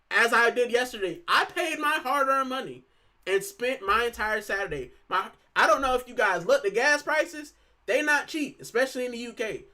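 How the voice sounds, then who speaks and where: A man's voice: very high voice, pushed and bright. A man from Puerto Rico hosting a football fan channel, talking casually and with animation, full of fillers and "bro". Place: lives in the UK.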